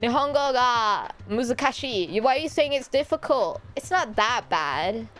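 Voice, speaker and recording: A woman with a British accent, a VTuber streamer chatting casually with her viewers and answering their questions, giggly, animated and teasing. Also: a little high, measured pace, faint music behind.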